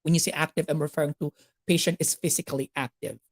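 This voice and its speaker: A woman's voice: low-pitched, steady tone, quick pace, darkish tone. A woman with a Filipino accent giving a nursing exam lecture, mixing English with Tagalog and checking in with "okay?" after each point.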